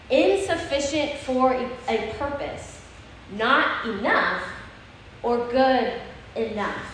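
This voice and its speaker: A woman speaking to an audience on a handheld mic, telling a personal story in an earnest, animated way. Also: on the high side. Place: room with an audience. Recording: echoey room, faint background noise.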